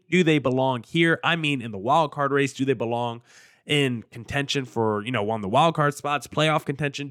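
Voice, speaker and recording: Brief: male sports podcast host, upbeat off-the-cuff chatter, average pitch, dry booth sound. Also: no echo. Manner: conversational, rambling, upbeat, self-deprecating. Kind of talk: solo sports podcast talk.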